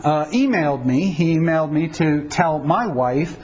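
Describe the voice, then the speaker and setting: A man's voice: a little high, expressive, moderate pace, a little mellow, slightly rough, low-quality recording. A middle-aged man pastor giving an informal teaching talk on Bible translation, conversational and wry, stopping often to correct himself. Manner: conversational, self-correcting, uses anecdotes and wry humor.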